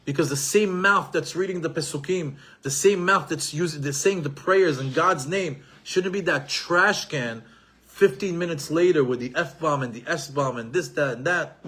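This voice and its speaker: A middle-aged man giving an animated Torah lesson, repeating himself and mixing in Hebrew terms. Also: a little high, slight background noise. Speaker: Torah teacher.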